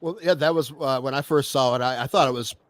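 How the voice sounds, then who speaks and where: A man's voice: mid-range voice, fast talker, dry recording. A man co-hosting a casual podcast, bantering playfully and asking questions. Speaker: podcast co-host.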